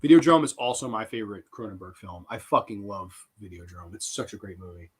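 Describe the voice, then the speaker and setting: A man hosting a live horror trivia stream, reading questions and reacting to chat answers with excitable, swearing banter. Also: on the low side, brisk, breathy edge. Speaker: host.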